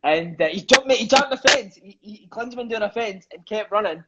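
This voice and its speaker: A man's voice: high voice, brisk, very noisy. A Scottish man in his thirties telling rowdy stories from his football career in casual interview chat, swearing and calling his host mate. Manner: animated, swearing, peppers lines with "mate". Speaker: interview guest, former footballer. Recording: dull lo-fi sound.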